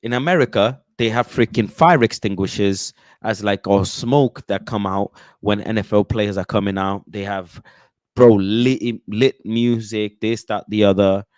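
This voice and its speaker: A man from the UK hosting casual football chat, animated and slangy, often breaking into chants and impressions. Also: fairly low pitch, a little slow, no room sound. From United Kingdom. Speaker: football channel host.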